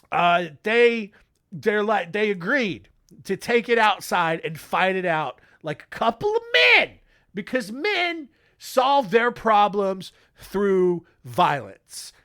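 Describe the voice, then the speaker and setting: Podcast guy rambling thru a dumb story, high bright voice, slow. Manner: rambling, jokey, self-interrupting. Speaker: podcast host. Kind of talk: comic storytelling.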